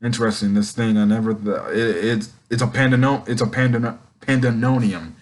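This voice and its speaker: A muttering, amused swordsman, as a man puts him on. He fumbles and restarts words in a low, half-to-himself voice, with no real change from the man's own sound. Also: fairly even intonation, a little fast, lightly acted. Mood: bemused. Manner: muttering, stumbling over words.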